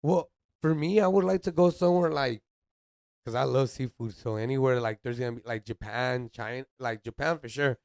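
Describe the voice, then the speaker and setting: A man's voice: mid-range voice, a little fast, vocal fry, a little mellow, no echo, studio quality. A young man, co-hosting a casual podcast in laid-back, slangy banter that mixes in Spanish words. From United States. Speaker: podcast co-host. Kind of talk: casual chat.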